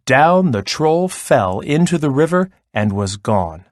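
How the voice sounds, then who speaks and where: A man reading a children's story aloud in a slow, expressive way. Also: medium pitch, no room sound, clean studio sound. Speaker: narrator.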